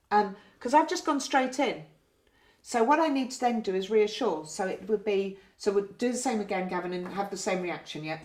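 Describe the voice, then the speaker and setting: A woman working as a community nurse talks health staff through how to speak with patients. She is gentle and explanatory, and often closes a point with a tag question. Her voice sits at a middle pitch, and the room around her rings with echo. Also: lively intonation, normal speed. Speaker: community learning disability nurse. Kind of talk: training talk with role-play. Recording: roomy echo.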